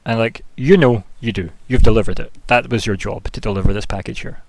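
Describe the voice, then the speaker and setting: A man's voice: on the low side, fairly even intonation, fairly quick, hardly any pauses, a little mellow, dry recording. A man narrating a tabletop game as game master, rambling casually with plenty of fillers. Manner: rambling, loose, full of fillers like "kinda" and "like".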